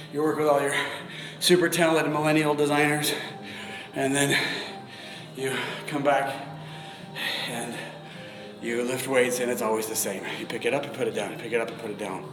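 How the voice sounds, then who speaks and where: A man in his forties chatting casually through a live-streamed workout, swearing now and then and breathing heavily between sets. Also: mid-range voice. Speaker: fitness vlogger. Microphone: phone camera. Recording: echoey room with long reverb.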